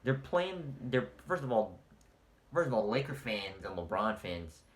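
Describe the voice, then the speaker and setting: A man's voice: lowish voice, sing-song, measured pace, echoey room. A man ranting in a heated, sarcastic and profane sports vlog, mocking fans of a basketball team. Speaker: sports commentator.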